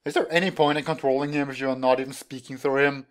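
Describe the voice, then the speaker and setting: A man's voice: medium pitch, steady tone, fast. A young man in casual reaction commentary who laughs often and makes light teasing remarks. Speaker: anime reaction host.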